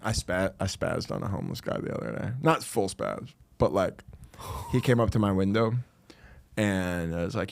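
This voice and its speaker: A man's voice: fairly low pitch, brisk, creaky. A young man co-hosting a podcast, telling rambling stories in a casual chat with lots of swearing. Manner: swearing, animated storytelling. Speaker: podcast co-host.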